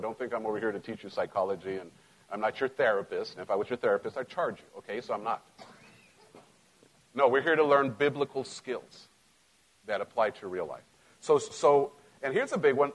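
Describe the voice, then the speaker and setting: A middle-aged man with a Latino American accent, preaching a sermon in a conversational, joking way, dropping to quiet asides and rising to loud emphasis. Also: medium pitch, rough recording. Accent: Latino American English. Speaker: pastor.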